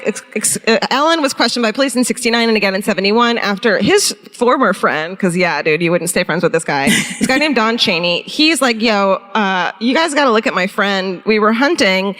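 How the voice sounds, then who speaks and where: A woman's voice: a little high, a bit bright, big-room sound. Profane laughing woman on a theatre stage. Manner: profane, laughing, rambling storytelling. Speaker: podcast co-host. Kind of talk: live comedy true-crime podcast.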